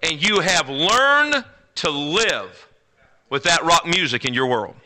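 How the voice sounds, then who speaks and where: Emphatic preacher with a bright, tense voice. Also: male voice, fairly high pitch, sing-song, rough recording. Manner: emphatic, swings from loud declarations to hushed drawn-out words; commands and banters with the audience. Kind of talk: sermon to teenagers. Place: church sanctuary before a congregation.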